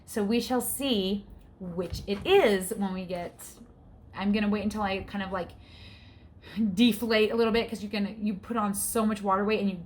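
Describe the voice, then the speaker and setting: This forties-aged woman talks casually and candidly in a vlog, chatty and prone to exasperation, with frequent audible breaths. She speaks at a medium pitch, and there is a little hiss or hum.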